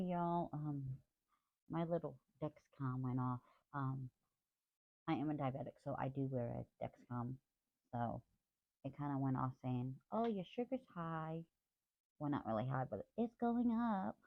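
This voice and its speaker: A woman's voice: a bass voice, measured pace, long pauses, dry recording. A woman craft vlogger rambling in a casual, apologetic chat about her week. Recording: tinny phone-like dry sound.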